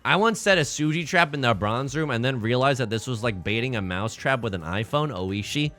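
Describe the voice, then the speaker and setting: A young man chats through a live game stream at a home desk mic, joking and mocking himself with theatrical flair. His voice is bright and forceful and swings widely in pitch. Soft music plays faintly behind him. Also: animated, a little fast. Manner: jokey, theatrical and self-mocking.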